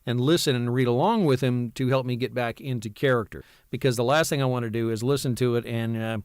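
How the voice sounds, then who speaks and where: A man's voice: medium pitch, quick pace, darkish tone, clean tone, no echo. A man in his fifties, a voice-over artist, talking casually from his home studio, rambling with many fillers and restarts. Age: 50s. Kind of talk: casual vlog talk.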